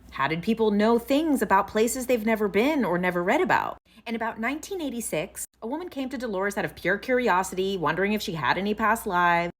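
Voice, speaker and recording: A woman's voice: mid-range voice, a bit bright. A woman hosting a casual storytelling vlog, chatty and enthusiastic, with some swearing. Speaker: host.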